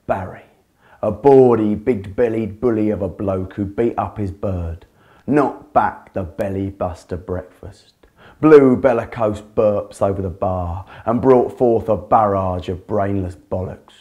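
A male performance poet narrating a comic story poem. His delivery is slow, punchy and deliberate, and he leans hard on every alliterative sound. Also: lowish voice, mellow.

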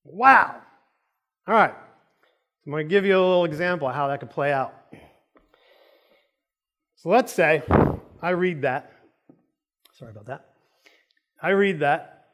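A man's voice: a little high, moderate pace, long pauses. A man preaching a sermon in a church, telling a joking story with lots of energy. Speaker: pastor. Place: church auditorium.

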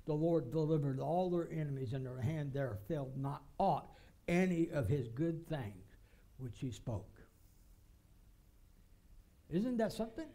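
A pastor preaching a sermon with emphatic, repeated phrases. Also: male voice, a little high, animated, measured pace, pauses often, warm tone. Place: church.

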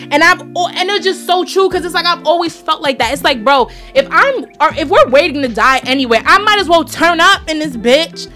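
Fired-up New York woman, high bright voice. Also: animated, normal speed, few pauses, soft background music. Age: 20s. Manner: blunt, profane, fired-up. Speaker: podcast host. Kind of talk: blunt motivational monologue.

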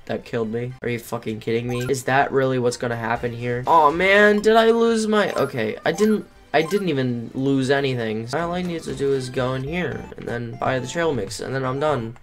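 A man's voice: mid-range voice, normal speed, hardly any pauses. A sleepy young man commentating a game as he plays, rambling, yawning and swearing at it when things go wrong. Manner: tired, yawning, rambling and easily exasperated. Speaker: gaming channel host. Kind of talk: casual let's play commentary. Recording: faint game music behind voice.

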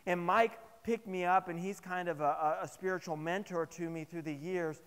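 A man preaching a sermon to his congregation, telling personal stories in an animated, humorous way. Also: high voice, normal speed, smooth, big-room sound. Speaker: pastor. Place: chapel service.

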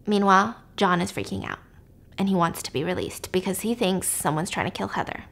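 A woman hosting a podcast, casually retelling a thriller plot with animated delivery that sometimes drops to a whisper for suspense. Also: lowish voice, brisk, gravelly. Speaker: podcast host. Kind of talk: casual story recap.

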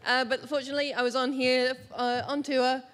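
High-voiced Australian woman doing stand-up. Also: brisk. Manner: animated, jumps to high exclamations. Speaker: stand-up comedian. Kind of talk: stand-up comedy set. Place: large theatre stage with live audience. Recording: reverberant theatre, faint background noise.

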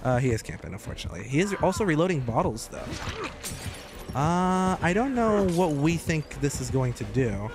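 A man giving joking, excitable commentary while streaming gameplay, often breaking into high shouts. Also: brisk, few pauses. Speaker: gaming streamer.

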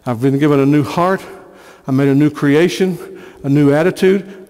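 A man's voice: a little high, normal speed, a little mellow, clear, resonant tone, long reverb tail. A man preaching a sermon as pastor, earnest, repeating phrases for emphasis. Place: church sanctuary.

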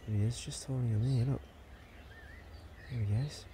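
A man's voice: mid-range voice, normal speed, background noise. A man with a New Zealand accent giving casual, slangy commentary while filming wildlife outdoors on his farm with a handheld camera. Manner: relaxed, laid-back, slangy narrating while filming wildlife. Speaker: farm vlogger. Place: outdoors on a farm by native bush. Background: faint birdsong and outdoor ambience.

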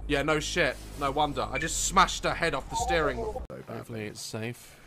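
A man reacting to clips and games with loud, sweary, excitable commentary. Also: medium pitch, normal speed, crowd noise. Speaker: comedy YouTuber.

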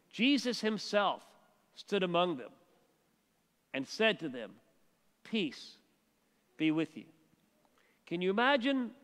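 A male pastor preaching a sermon, telling stories and dropping his voice soft and quiet for emphasis. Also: high voice, big-room sound.

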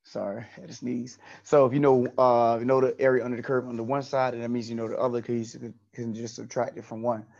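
A man's voice: mid-range voice, little pitch movement, quick pace, vocal fry, hardly any pauses, a little mellow, dull audio. A man teaching an online statistics class, explaining step by step and repeating key points.

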